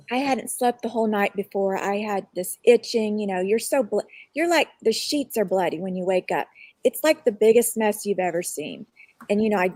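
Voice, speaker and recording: A woman's voice: medium pitch, darkish tone, no echo. A woman guest on a live online show, telling a personal story in an earnest, reflective way.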